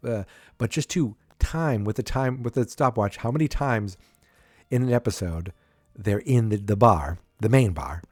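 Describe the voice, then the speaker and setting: A man's voice: on the low side, expressive, moderate pace, darkish tone, no room sound, studio quality. A man hosting a podcast, casually recapping a TV episode with a rambling manner full of restarts and fillers. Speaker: podcast host.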